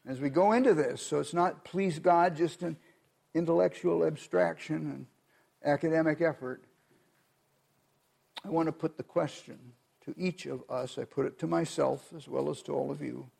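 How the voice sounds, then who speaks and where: A man preaching a sermon, reading scripture aloud and then speaking earnestly to his congregation with measured emphasis. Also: fairly high pitch, creaky, a little mellow, breathy edge. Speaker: pastor.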